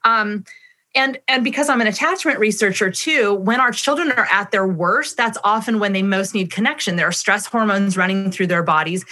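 Bright-voiced woman explaining parenting. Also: medium pitch, moderate pace. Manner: explanatory, acts out parent-child dialogue. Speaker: parenting expert guest. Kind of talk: conversational interview answers.

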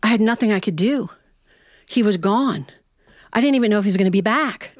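A woman telling a comic story live to an audience, animated and playful with good comic timing. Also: mid-range voice, fairly quick, pauses often, no room sound, clean studio sound. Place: radio studio with an audience.

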